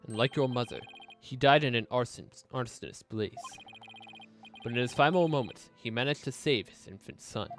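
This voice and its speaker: A man voicing a calm male courtroom questioner who asks measured, probing questions. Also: mid-range voice, faint music behind, lightly acted.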